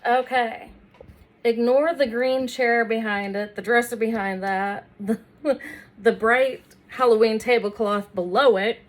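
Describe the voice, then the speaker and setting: A woman's voice: fairly high pitch, fairly even intonation, a little slow. A middle-aged woman chatting casually while she paints and works in her home workroom, self-deprecating and talking to the camera as she goes. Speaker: furniture makeover creator. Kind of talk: casual DIY tutorial chat.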